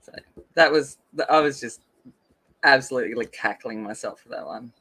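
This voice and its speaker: A woman's voice: extremely low pitch, normal speed, fairly bright tone, husky. A middle-aged woman from North Queensland with an Australian accent, chatting casually while colouring, giggly and rambling with lots of fillers. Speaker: colouring channel host.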